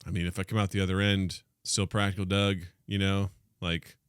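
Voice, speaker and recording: A man's voice: low-pitched, little pitch movement, fairly quick, a bit bright, smooth, no echo, studio quality. A young man co-hosting a podcast, chatting casually and acting out the people in his stories. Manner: joking storyteller who acts out quoted people. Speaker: podcast co-host. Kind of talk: casual chat.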